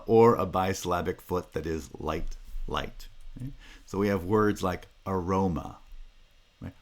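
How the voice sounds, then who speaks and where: Very deep-voiced male linguistics lecturer. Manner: explanatory, frequent "right?" checks and restarts. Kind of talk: recorded phonology lecture.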